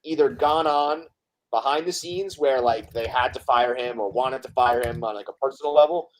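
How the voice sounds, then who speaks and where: Rambling, frustrated podcast co-host. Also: male voice, medium pitch, normal speed, low-quality recording. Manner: rambling, frustrated, lots of fillers. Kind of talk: casual sports chat.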